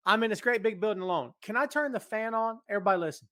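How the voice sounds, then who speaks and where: A man's voice: high voice, lively intonation, quick pace, hardly any pauses, fairly bright tone, no room sound, clean studio sound. A middle-aged man hosting a live stream, greeting viewers by name and teasing them, then speaking earnestly. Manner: serious, earnest appeal. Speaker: podcast host. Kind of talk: casual live-stream chat. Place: large empty building. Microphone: in front of a camera.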